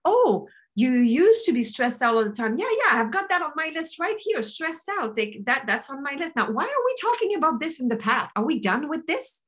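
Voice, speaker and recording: A fussy, skeptical little assistant in the mind, as a woman puts it on, firing off high, quick objections. It sounds incredulous and clipped, raised well above her usual voice. Heard over a video call. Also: sing-song, a bit bright. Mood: puzzled.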